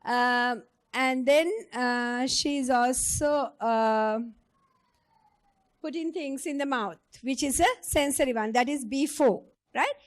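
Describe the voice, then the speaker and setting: A woman's voice: sits high, slow pace. A woman giving a clinical teaching lecture, explaining step by step and putting questions to her audience.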